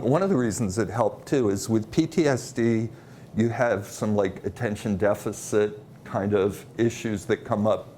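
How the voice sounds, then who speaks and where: A man presenting at a conference, telling stories in a halting way with many fillers. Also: on the low side, darkish tone, a little hiss or hum. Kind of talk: conference talk.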